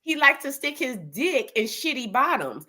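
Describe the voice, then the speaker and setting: A woman co-hosts a casual gossip show with a bright, slightly high voice. She rambles, restarts her sentences and swears freely. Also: normal speed. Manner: animated, blunt and profane, rambling with restarts. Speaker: co-host.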